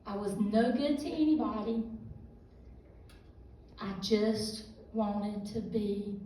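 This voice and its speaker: A middle-aged woman giving a halting, emotional personal testimony as a guest speaker at a church youth service. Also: mid-range voice, mellow, a little hiss or hum. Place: church hall. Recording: echoey room heard from a distance.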